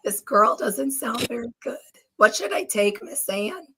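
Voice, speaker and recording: A woman chatting as a guest on a live stream, her voice hoarse and squeaky after the flu, upbeat and talkative. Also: a little slow, sharp tone. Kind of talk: casual chat.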